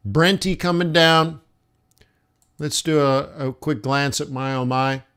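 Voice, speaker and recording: A slightly high, level voice with a clean, fairly bright tone. During his live forex stream he reflects slowly aloud over his charts, speaking to chat as "guys."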